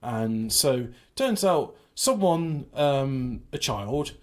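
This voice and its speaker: A man hosting casual livestream banter, rambling with a mock sales-pitch delivery into a home computer microphone. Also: expressive, very slow. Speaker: show host.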